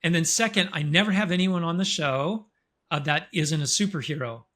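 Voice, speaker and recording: A man's voice: on the high side, normal speed, a bit bright. A man hosting a podcast in a talkative, playful, upbeat way. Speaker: podcast host.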